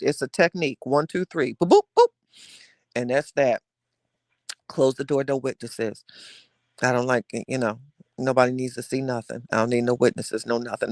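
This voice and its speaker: A man's voice: medium pitch, fairly bright tone, no echo, clean studio sound. A man hosting a casual gossip podcast, talking in a sassy, dramatic way and addressing his listeners directly. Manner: sassy, dramatic, drawn-out storytelling. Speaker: podcast host reading live chat.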